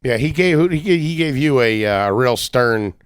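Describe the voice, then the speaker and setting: A man's voice: mid-range voice, lively intonation, normal speed, clean tone. A man co-hosting a casual podcast, teasing his friends in a dry, laid-back way. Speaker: podcast co-host.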